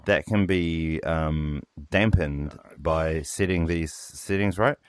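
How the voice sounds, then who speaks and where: Hesitant deep-voiced developer, man. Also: a little hiss or hum. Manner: hesitant, pauses a lot, many fillers. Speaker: developer demoing a voice API. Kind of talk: casual work meeting.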